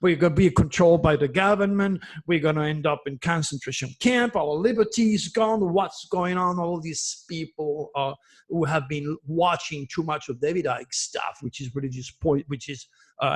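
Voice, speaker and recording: A man's voice: a little high, normal speed. A man delivering a solo commentary as an astrologer, reading news headlines and preaching with impassioned emphasis and repeated phrases. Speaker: astrologer giving predictions.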